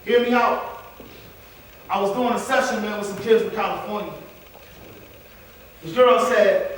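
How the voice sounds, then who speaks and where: A man's voice: high voice, measured pace, pauses often. A man giving a motivational talk in a preacher-like way, calling out to the audience. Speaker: motivational speaker. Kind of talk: motivational speech. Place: large hall. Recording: echoey hall from far off, faint noise.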